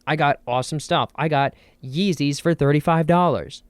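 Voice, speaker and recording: A man's voice: on the high side, normal speed, clean tone, dry recording. A young man from New Jersey hosting a solo podcast, rambling in a jokey, self-deprecating way. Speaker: podcast host. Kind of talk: casual solo podcast chat.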